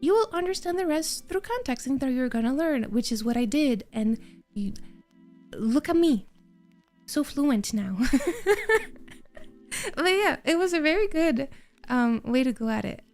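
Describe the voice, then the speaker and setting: A woman's voice: sits high, lively intonation, unhurried, long pauses, darkish tone, soft background music. A young woman from Quebec, a native French speaker with a mild Quebec French accent, chatting casually with her stream viewers and laughing often. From Quebec, Canada.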